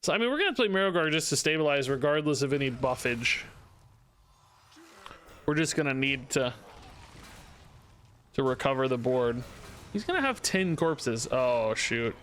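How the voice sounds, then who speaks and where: A man's voice: mid-range voice, expressive, moderate pace, pauses often, a bit bright. A young man streaming a card game, chatting to his viewers in a loose, self-mocking way and laughing often. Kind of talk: casual gameplay commentary.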